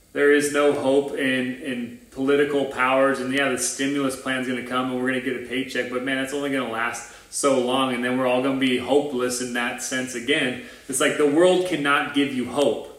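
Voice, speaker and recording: A man's voice: mid-range voice, fairly bright tone. A man preaching a sermon as pastor of a new church, earnest and informal, with restarts and asides. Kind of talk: conversational livestream sermon. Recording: roomy echo.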